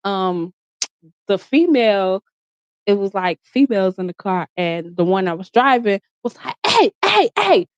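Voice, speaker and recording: A woman's voice: mid-range voice, normal speed, darkish tone, smooth, dry recording. A woman vlogger in her bedroom telling a personal story in casual, candid, profane speech, full of "like" and restarts. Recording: dry, slightly dull lo-fi sound.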